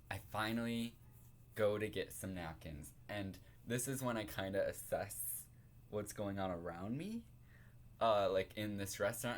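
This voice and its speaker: Animated young man telling a story. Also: medium pitch. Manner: animated, laughing, self-consciously dramatic; filler-heavy, says like a lot. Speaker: vlogger. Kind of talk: casual storytime vlog.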